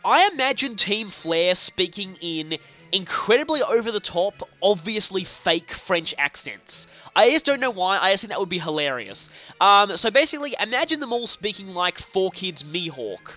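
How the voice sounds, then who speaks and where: A young man casually commenting on his video game play, chatty and playful with animated reactions. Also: high voice, moderate pace. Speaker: let's play host. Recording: faint game music behind.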